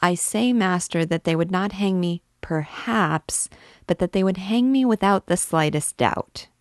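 A woman's voice: dry recording, studio quality, close to an everyday voice. A woman reading aloud and voicing a fretful, talkative male poet in a classic novel, anxious and pleading. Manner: excitable, pleading, quick and higher. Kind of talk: audiobook character reading.

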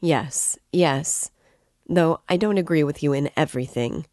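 A woman's voice: sits low, unhurried, darkish tone, no echo, studio quality. A woman reading the part of an earnest, level-headed young woman.

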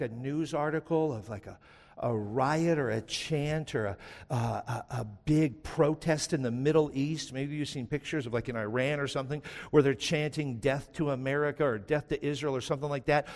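A man preaching a sermon, retelling a story dramatically, swinging from loud to hushed. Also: on the high side, in a large hall. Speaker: pastor.

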